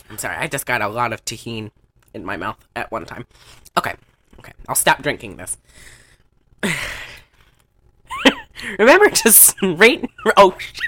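Animated, giggly woman podcast host. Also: fairly low pitch, a little hiss or hum. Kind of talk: casual chat.

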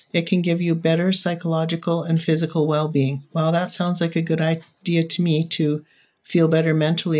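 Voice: mid-range voice, a little mellow. An upbeat, encouraging podcast host giving parents tips in a monologue.

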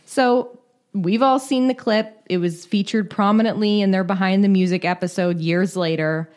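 A woman's voice: medium pitch, normal speed, darkish tone. A woman co-hosting a podcast, reading a scripted music history with casual chatty asides. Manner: reads quotes aloud, breaks into laughter. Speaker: podcast co-host.

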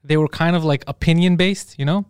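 A male podcast host telling stories in a casual chat, animated and full of swearing. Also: a little high, fairly quick, clean tone, no room sound, studio quality. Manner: animated, swears a lot, acts out quotes.

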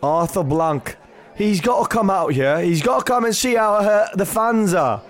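Man voicing a furious English football supporter, high-pitched rant for a comic bit. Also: lively intonation, normal speed. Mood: aggrieved. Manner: ranting, repeats a wrong name. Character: angry middle-aged English football fan. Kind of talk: comedy sketch.

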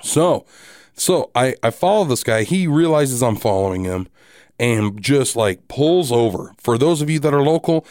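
A married man hosting a podcast, telling a story casually in a rambling, animated way with many restarts and asides. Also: mid-range voice, moderate pace, dry recording, studio quality. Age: adult, married. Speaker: podcast host.

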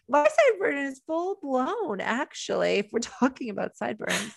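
A woman's voice: high voice, huge pitch swings, normal speed, creaky, a little hiss or hum. A young woman co-hosting a podcast, teasing her friend and laughing often in casual chat. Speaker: podcast co-host.

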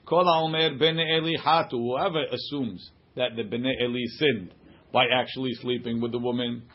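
A man's voice: medium pitch, fairly even intonation, normal speed. A man teaching an informal text-study class, translating passages line by line in a conversational way. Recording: dull lo-fi recording.

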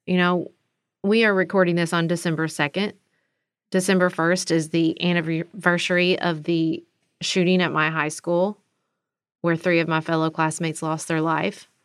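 A woman co-hosting a podcast, speaking slowly and earnestly in reflective chat. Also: on the low side, flat delivery, clear, resonant tone, no echo. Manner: slow, earnest, thoughtful. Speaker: podcast co-host.

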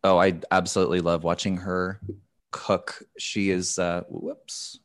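Low-pitched man in his thirties, casual podcast guest, candid and profane, restarts phrases. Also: level tone, unhurried. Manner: candid storyteller, swears often, restarts phrases.

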